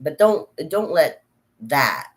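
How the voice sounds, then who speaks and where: A woman's voice: low-pitched, big pitch swings, slow. A woman vlogger talking casually and frankly, rambling between thoughts and often laughing at herself. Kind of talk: casual personal chat.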